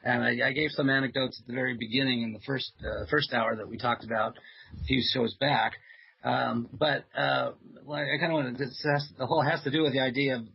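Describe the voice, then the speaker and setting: A man who is a psychiatrist, telling stories as a guest on a talk radio show, hesitant with fillers and soft laughs. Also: mid-range voice, vocal fry, breathy edge. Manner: chatty storyteller with many fillers and soft laughs. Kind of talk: radio interview anecdote. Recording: dull lo-fi radio audio.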